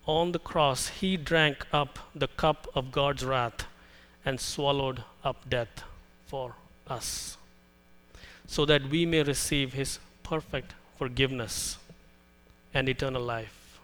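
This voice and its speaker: A man reading a prayer and scripture-based words in a measured liturgical style. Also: mid-range voice, steady tone, fairly bright tone.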